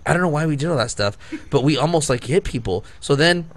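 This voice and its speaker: A man's voice: a little high, lively intonation, fast, no echo. Man, podcast co-host, casual rambling story, lots of "like" and restarts, laughs often. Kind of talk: casual chat.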